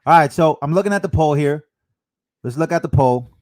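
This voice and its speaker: A man hosting a political livestream, casual and chatty with quick asides. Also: a little high, a little mellow. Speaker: livestream host. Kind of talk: live commentary stream.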